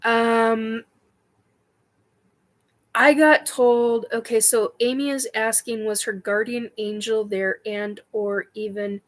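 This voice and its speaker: A middle-aged woman hosts a spiritual livestream chat, answering viewer questions haltingly with lots of ums and self-corrections. Her voice is fairly high and flat, and the recording is rough.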